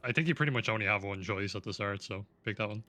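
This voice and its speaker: A man's voice: fairly low pitch, quick pace, crowd noise. A man guiding friends through a game, explaining steps patiently. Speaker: experienced player guiding others. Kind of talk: casual gaming chat.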